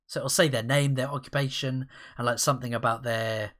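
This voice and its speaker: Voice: mid-range voice, steady tone, fairly quick, fairly bright tone. A podcast co-host chatting casually, laughing often and rambling through stories. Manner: giggly, rambling. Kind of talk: casual chat.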